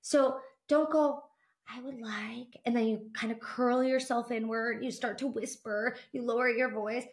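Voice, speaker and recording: A woman's voice: a little high, fairly even intonation, normal speed, hardly any pauses. A woman hosting a motivational podcast, speaking in an upbeat, encouraging way straight to her listeners. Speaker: podcast host. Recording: roomy echo.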